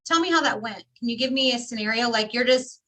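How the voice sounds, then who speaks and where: Woman trainer, high voice, bright tone, prompting questions. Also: fast talker, low-quality recording. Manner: prompting, asks for examples. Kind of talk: leading a training session.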